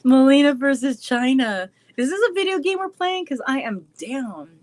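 A bubbly, giggly woman hosts a casual live-stream chat with her viewers. Her voice sits fairly high and swings up and down a lot. She keeps laughing as she talks and coos at her dogs in between. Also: animated, moderate pace, darkish tone. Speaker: show host chatting with viewers.

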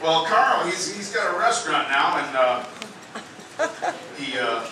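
A man performing a stand-up comedy set in a club, telling stories in a rambling, halting way with many fillers. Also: a little high, expressive. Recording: echoey club, distant mic, noisy.

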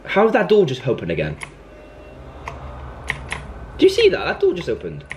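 A man's voice: on the high side, wildly swooping pitch, normal speed, a little mellow, a little hiss or hum. A young man commenting on a horror game as he plays, scolding and panicking in turn. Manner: jumpy, panicky outbursts, scolding the game baby. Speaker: gaming YouTuber.

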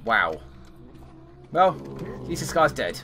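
A man's voice: medium pitch, sing-song, slow. Exasperated man commentating his gameplay. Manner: exasperated, swearing at the game, thinking aloud. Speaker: gaming commentator. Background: game music.

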